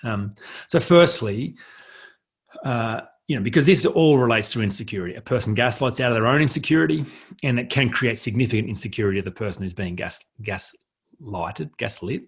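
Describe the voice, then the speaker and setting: A man's voice: lowish voice, husky. A man hosting a solo self-help podcast, talking earnestly and reflectively, repeating key phrases for emphasis. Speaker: podcast host.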